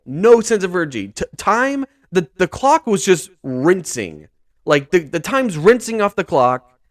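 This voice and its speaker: A man's voice: a little high, no room sound, studio quality. A young man hosting a sports podcast, ranting about football in a profane, exasperated way and repeating himself.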